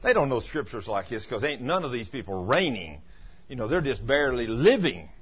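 A male pastor telling stories in an animated sermon, dropping to quiet asides and rising to loud emphatic peaks. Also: medium pitch, brisk, breathy edge. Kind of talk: storytelling sermon. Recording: dull lo-fi sermon recording.

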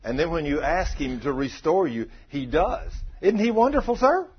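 A man preaching a sermon, calling out to his congregation and acting out prayers in an animated way. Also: a little high, normal speed, lo-fi sound.

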